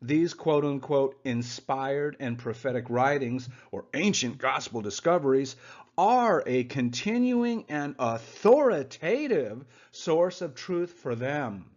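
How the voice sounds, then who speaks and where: A man's voice: medium pitch, lively intonation, slow, a little mellow, muffled recording. A man teaching the Bible informally over slides. He speaks in a sarcastic, hesitant way, with many "uh"s and mocking asides.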